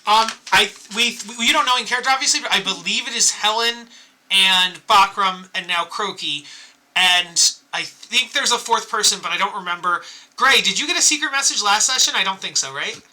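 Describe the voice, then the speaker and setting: Bright, lively young-sounding game master. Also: male voice, high-pitched, brisk, a little hiss or hum. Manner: animated, breaks into laughter. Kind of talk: running an online tabletop game.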